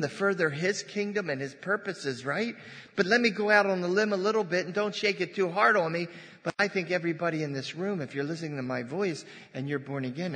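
A man's voice: on the high side, a bit bright. A man preaching a sermon as pastor in a church, conversational, with asides and jokes to his congregation. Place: church sanctuary. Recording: long reverb of a church hall.

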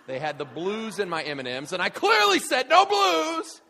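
A male guest preacher telling a story in a sermon, full of restarts and rising to shouts. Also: a little high, fairly quick, gravelly. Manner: animated, many restarts, builds to shouting.

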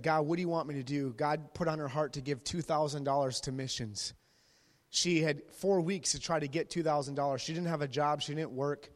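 A man, a youth pastor, preaching a sermon and telling stories lively, acting out the people in them. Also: a little high. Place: church sanctuary. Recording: long reverb of a large hall.

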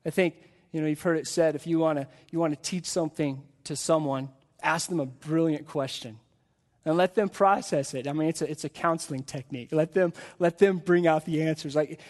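A man's voice: a little high, brisk, darkish tone. A male pastor preaching a live sermon to his congregation in a church, earnest and full of repeated rhetorical questions.

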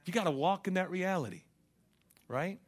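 A young man preaching a fervent sermon, asking the congregation for responses and building to loud passages. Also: high voice, animated, moderate pace, husky. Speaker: pastor.

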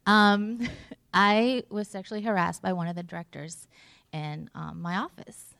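A woman's voice: fairly low pitch, fairly even intonation, measured pace, vocal fry, a bit bright, smooth, no echo. A woman pastor giving a sermon in a conversational way, full of fillers and restarts, sometimes dropping to a near whisper. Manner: drops to a near whisper at tender moments. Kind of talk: sermon with personal story.

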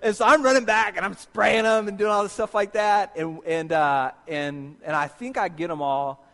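A man preaches in a high, bright-edged voice, telling his story with lively, acted-out reactions. His words ring with the long reverb of a large hall. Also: moderate pace, vocal fry. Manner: animated storyteller, acts out his own reactions. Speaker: pastor. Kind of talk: sermon with personal anecdote.

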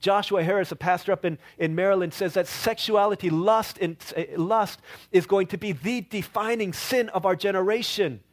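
A man's voice: high-pitched, moderate pace. A middle-aged male pastor preaching a sermon, telling stories with playful quoted voices and asides.

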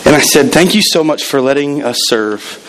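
High-voiced animated male preacher. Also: moderate pace, a little hiss or hum, rough recording. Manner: animated storytelling with repeated words. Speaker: pastor. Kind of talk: sermon.

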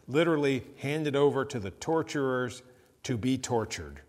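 A male pastor delivering a sermon, telling a story with lively emphasis. His voice sits in a medium pitch range. The sound carries the long reverb of a large church hall. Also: moderate pace. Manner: vivid storytelling, rising to animated emphasis.

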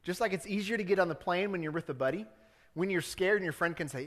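A man with a slightly high voice delivers a sermon in a church sanctuary. He preaches in a relaxed, conversational way and pushes into earnest appeals. The sound carries a long hall reverb. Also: fast talker. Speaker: pastor.

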